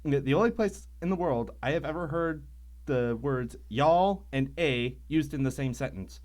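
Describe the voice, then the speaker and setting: A man co-hosting a podcast in a casual chat, making dry jokes in a deliberate way. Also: a little high, expressive, darkish tone. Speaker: podcast co-host.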